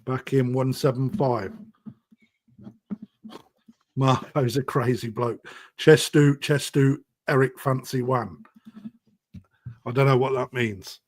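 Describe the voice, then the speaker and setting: A man's voice: medium pitch, steady tone, takes it slowly, long pauses, dry recording. A man hosting a live online auction, chatting with bidders in a casual, matey way. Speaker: koi auctioneer.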